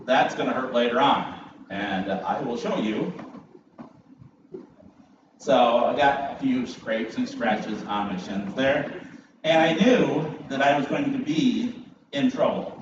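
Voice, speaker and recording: A man preaching at middle pitch, telling a lively, self-mocking story to a congregation. He sounds set back from the microphone, and his voice rings through a large, echoey church hall. The sound is slightly muffled, with a clear layer of room ambience underneath. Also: far from the mic, background noise. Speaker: guest preacher. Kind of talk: sermon opening with a personal story. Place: church sanctuary.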